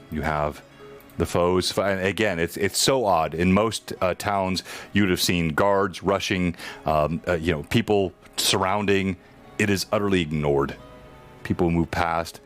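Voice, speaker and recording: A man running a tabletop game as game master, chatting in a relaxed, self-deprecating way. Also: low voice, a little slow, faint music behind.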